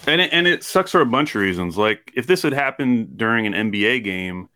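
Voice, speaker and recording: Bright-toned male podcast co-host. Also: on the low side, fairly quick, clean tone. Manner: animated, repeats words when starting a thought. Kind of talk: casual sports podcast chat.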